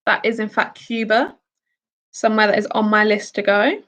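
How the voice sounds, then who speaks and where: A woman's voice: medium pitch, fairly even intonation, moderate pace, a bit bright. A woman from the UK hosting a casual quiz, reading out each question and answer with chatty asides. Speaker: quiz host.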